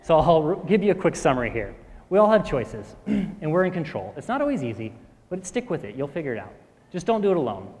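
A man in his thirties giving a motivational talk on stage, talking quickly and often clearing his throat. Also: a little high, sing-song, darkish tone. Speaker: speaker at a live talk event. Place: stage in a hall with an audience. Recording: reverberant hall.

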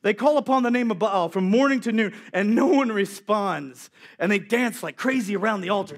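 A male preacher giving a sermon, telling a story in an animated way with acted-out voices. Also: high-pitched, normal speed, hardly any pauses.

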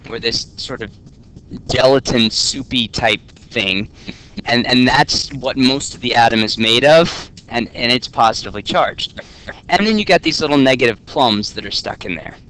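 A man teaching a class in a relaxed, joking way, often checking in with "okay?". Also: mid-range voice. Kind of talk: classroom lecture. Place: classroom with students.

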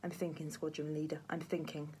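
A woman's voice: deep voice, flat delivery, brisk, a little mellow, breathy edge. A woman voicing a plucky old man, a former wartime pilot, clipped and gallant, in a storybook reading. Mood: pondering.

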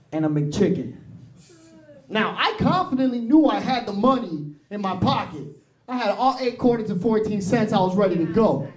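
On a small improv theatre stage, a young man performs a brash, profane stand-up set, dropping into Spanish. His voice is high-pitched with a darkish tone, captured in a roomy live club recording with the crowd audible.

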